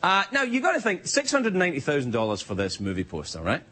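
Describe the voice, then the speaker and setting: In a TV studio full of audience laughter and noise, a Scottish late-night talk show host gives a wry, rambling stand-up monologue and leaps into silly voices. His bright, forceful voice is a little high, with wildly swooping pitch and a quick pace.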